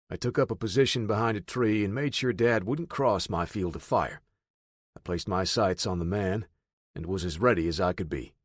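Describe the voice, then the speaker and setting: A man narrates a first-person audiobook in a steady, low-key way. His voice sits fairly low, and the recording is dry and close with no room sound. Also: moderate pace, no echo.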